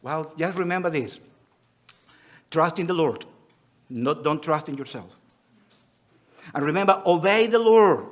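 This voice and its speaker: Spanish-Australian accented male preacher. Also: high voice. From Spanish-speaking country. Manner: earnest, reads scripture aloud and acts out quotes. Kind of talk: sermon.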